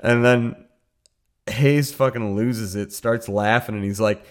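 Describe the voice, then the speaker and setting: A man's voice: lowish voice, fairly even intonation, a little slow, slight background noise. A man co-hosting a casual podcast, retelling scenes with rambling fillers. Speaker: podcast co-host. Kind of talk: casual chat.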